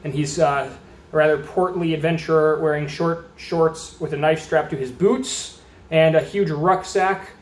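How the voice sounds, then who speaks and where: A man's voice: fairly high pitch, steady tone, measured pace. Chatty man reviewing beer, roomy sound. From Austin, Texas. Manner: chatty, rambling, reads labels aloud. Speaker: beer reviewer, channel host. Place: indoors at a table. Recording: roomy echo.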